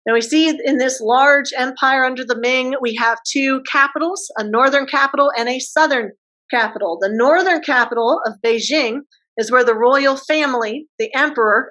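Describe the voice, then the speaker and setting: A woman history teacher giving a casual classroom lecture, posing quick questions and using slang. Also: on the high side, a bit bright, rough recording.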